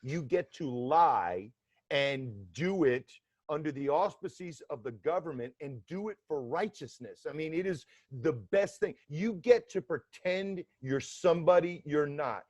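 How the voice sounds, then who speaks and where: A man's voice: fairly high pitch, expressive, measured pace, no room sound. A man in his fifties from Atlanta with a New York accent, a former federal agent talking as a podcast guest in a blunt, streetwise way with wry humor. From Atlanta, Georgia, US South. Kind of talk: casual interview talk.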